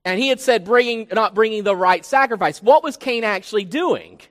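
A male pastor preaches with a high, lively voice that swings widely in pitch as he stresses each point. He sounds emphatic and teacherly and puts questions to his listeners. His words ring out with a long reverb, as in a large church sanctuary. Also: normal speed. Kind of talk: expository sermon.

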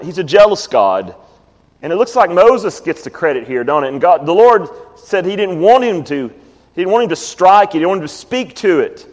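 Preacher in a reverberant hall. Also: male voice, on the high side. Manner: reads scripture slowly, asks the congregation questions. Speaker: pastor. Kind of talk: sermon.

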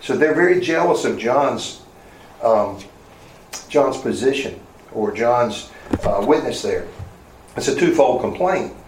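A man giving a sermon as pastor, conversational and plain, often pausing on fillers and asking rhetorical questions. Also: medium pitch, animated, darkish tone, roomy sound, a little hiss or hum, poor audio.

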